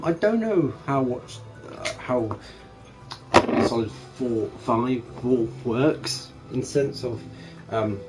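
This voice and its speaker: A young man chatting casually and profanely about video games, rambling and animated. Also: mid-range voice, poor audio. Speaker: gaming channel streamer.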